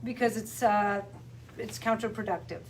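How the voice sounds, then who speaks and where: A woman's voice: mid-range voice, fairly even intonation, moderate pace, a little hiss or hum. A woman who directs custom knives, reading her reply to a customer and answering in casual chat.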